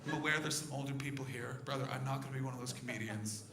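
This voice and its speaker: A male stand-up comedian on a comedy club stage, talking brashly and profanely and breaking into loud shouts. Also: mid-range voice, fast, a crowd in the background. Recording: echoey club room with audience noise.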